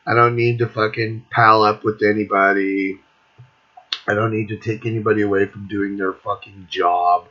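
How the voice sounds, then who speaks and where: Middle-aged man, husky voice, profane irritated vlog rant, dull lo-fi recording. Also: on the low side, level tone, normal speed. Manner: swears constantly, irritated. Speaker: music vlogger.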